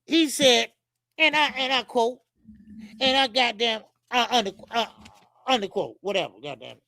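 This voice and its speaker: Middle-aged guy ranting about boxing on his stream, cussing, repeating himself, bright punchy voice, dry close sound. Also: very high-pitched, lively intonation, moderate pace, no room sound. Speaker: boxing channel host. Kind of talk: live-stream commentary, reading chat.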